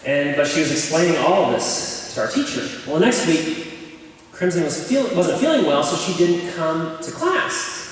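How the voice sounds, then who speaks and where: A man's voice: a little high, very animated, normal speed. A young man giving a joking, candid chapel talk, telling stories about himself to a crowd. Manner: joking, candid and self-deprecating. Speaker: chapel speaker. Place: large chapel hall. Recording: echoey hall, speaker far from mic.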